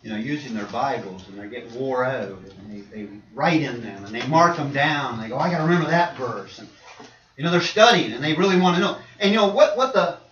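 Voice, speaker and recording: A middle-aged man preaching a sermon, swinging between quiet asides and loud, emphatic points. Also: medium pitch, animated, fairly quick, crowd noise. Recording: roomy, distant and dull with faint noise.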